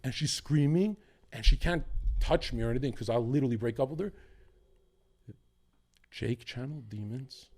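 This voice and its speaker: A man's voice: medium pitch, normal speed, pauses often, a little mellow. A man talking as a podcast guest, rambling and swearing as he jumps from one topic to the next. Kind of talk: casual podcast chat.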